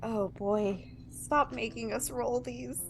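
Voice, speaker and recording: A woman with a fairly high voice plays a horror tabletop game, trading quick joking quips with the table. Soft guitar music sits behind her. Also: steady tone, gravelly. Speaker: player.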